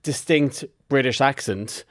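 A man, a theatre director, telling a story on a radio arts show and turning animated when he quotes himself. His pitch sits in the middle. The studio sound is dry and close. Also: unhurried, no room sound. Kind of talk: radio interview anecdote.

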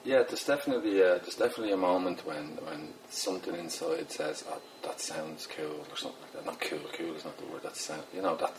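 A man's voice: low-pitched, quick pace, few pauses, background noise. A middle-aged Irish man with a Dublin accent, a poet chatting in a rambling, self-deprecating way with lots of fillers. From Ireland. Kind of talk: casual interview talk.

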